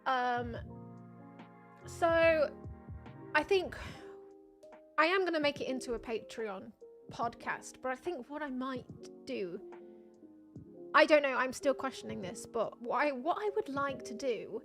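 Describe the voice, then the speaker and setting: A woman's voice: high-pitched, animated, a little slow, pauses often, a bit bright, soft background music. A young woman chatting casually on a livestream, rambling and self-deprecating, laughing often. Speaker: streamer.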